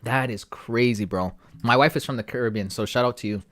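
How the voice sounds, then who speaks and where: A man's voice: medium pitch, brisk, a bit bright. A man from Canada chatting casually on a live stream, reading viewer messages aloud and answering them from home into a close, sensitive desk mic.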